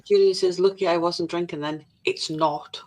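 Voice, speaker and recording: A woman with a slightly low voice co-hosts a relaxed live stream. She reads viewer comments aloud one after another and answers them with dry, jokey asides and the odd mild swear. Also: moderate pace, poor audio. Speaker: stream co-host reading chat. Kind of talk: casual live-stream chat.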